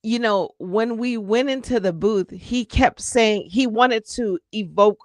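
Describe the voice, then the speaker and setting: A woman, a guest singer, answering questions in a casual interview, grateful and animated. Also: fairly high pitch, measured pace, no echo.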